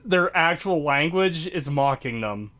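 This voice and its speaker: Streamer, male, slightly high, sarcastic, stammers. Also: lively intonation, a little slow, fairly bright tone. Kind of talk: casual stream commentary.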